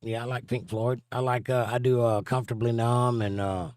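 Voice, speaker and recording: A man's voice: medium pitch, little pitch movement, moderate pace, a little mellow, no room sound, clean studio sound. A middle-aged man hosting a livestream in casual chat, reading viewer comments aloud and joking with crude banter. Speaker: livestream host and musician.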